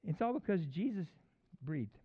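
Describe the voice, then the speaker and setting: A man preaching a casual, animated sermon that swings from quiet talk to loud, excited peaks. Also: sits high, moderate pace, husky. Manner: animated, conversational preaching with sudden loud peaks and acted voices. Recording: dull lo-fi recording.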